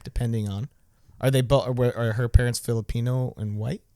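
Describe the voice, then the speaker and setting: A man's voice: mid-range voice, fairly even intonation, brisk, dark tone, dry recording. A man co-hosting a podcast in casual chat, offhand with dry shrugging asides. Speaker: podcast co-host.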